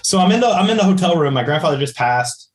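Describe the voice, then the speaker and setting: Animated man telling a personal story. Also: a little high, fast talker. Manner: animated, acts out the voices in his stories. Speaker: podcast guest, psychic medium.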